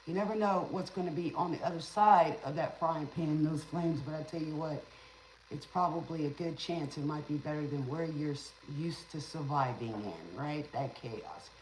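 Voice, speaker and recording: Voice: mid-range voice, normal speed, darkish tone. A tarot reader and spiritual teacher talking casually on a livestream in a rambling, teacherly way, with sarcastic asides and an occasional stutter. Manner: stutters sometimes. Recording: roomy with faint background noise.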